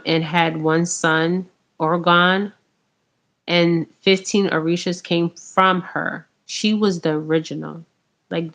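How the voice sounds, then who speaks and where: Woman, low and gravelly voice, slow, rambling vlog talk, lots of ums and okays. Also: a bit bright. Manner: addresses viewers as you guys. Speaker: spiritual vlogger. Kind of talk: casual spiritual talk to camera.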